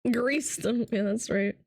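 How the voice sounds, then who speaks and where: A woman's voice: fairly high pitch, very slow, vocal fry, darkish tone, no echo, clean studio sound. A young woman chatting casually on a live stream, playful and teasing, switching between English and Russian.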